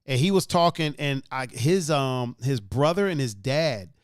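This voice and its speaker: A young man hosts a podcast in casual chat, speaking a little slowly in a mid-range voice with clean studio sound and no room echo. He's an animated storyteller who laughs often, swears and acts out what other people said.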